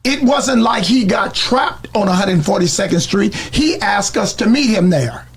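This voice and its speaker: A man's voice: high voice, lively intonation, measured pace, slightly rough. A man being interviewed, telling a story blow by blow in a street manner. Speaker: interview guest.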